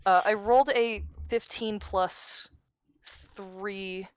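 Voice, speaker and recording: A woman's voice: medium pitch, fairly even intonation, drawn-out words, clear, resonant tone, no room sound. A woman playing a tabletop game, chatty and hesitant, often correcting herself. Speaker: player. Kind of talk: casual tabletop play.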